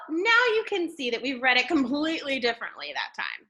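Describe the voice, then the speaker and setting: A woman teaching a classroom reading lesson. She explains step by step, checks in often with the class, and uses an expressive tone to show how to read. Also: sits high, a little fast, hardly any pauses. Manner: explanatory, checks in with "okay?" and "right?"; expressive, shifts tone to model reading.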